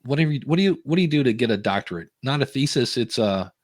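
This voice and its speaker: A man's voice: medium pitch, animated, fast talker, no room sound, clean studio sound. A man co-hosting a live podcast in casual chat, rambling and joking as he reads out viewer questions. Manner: rambling, jokey, self-interrupting. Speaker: podcast co-host.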